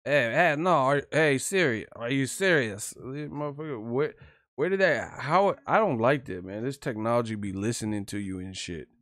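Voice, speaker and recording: A young man hosts a casual live stream, with loose, profane, joking talk and frequent laughter. His voice sits in a middle pitch, and the recording is dry, with no room sound. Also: animated, moderate pace, fairly bright tone, no echo. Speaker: boxing commentator on a live stream.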